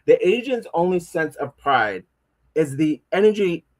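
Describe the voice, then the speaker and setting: A man's voice: fairly high pitch, big pitch swings, unhurried. A man streaming live, rambling and stumbling over words as he reads aloud, with mocking, sarcastic remarks. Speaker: livestreamer. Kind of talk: casual livestream commentary.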